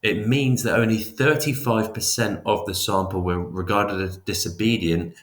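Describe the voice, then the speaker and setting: A man's voice: fairly low pitch, echoey room. A man teaching psychology in a casual, chatty lecture, often restarting and adding asides. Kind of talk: informal classroom lecture.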